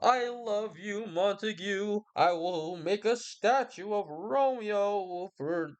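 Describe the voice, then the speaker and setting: A man voicing a gushing old nobleman with a high, drawn-out, mocking delivery. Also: clear, resonant tone.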